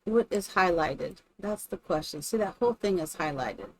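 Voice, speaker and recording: A woman's voice: fairly low pitch, lively intonation, moderate pace, a little mellow. A woman live-streaming, chatting casually and thinking aloud while she builds in a game, greeting her viewers by name.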